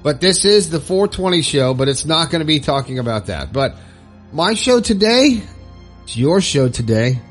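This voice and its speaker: A man's voice: a little high, very animated, moderate pace, soft background music. A man hosting his own podcast, talking in a chatty, upbeat, folksy way. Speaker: podcast host. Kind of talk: casual solo podcast talk.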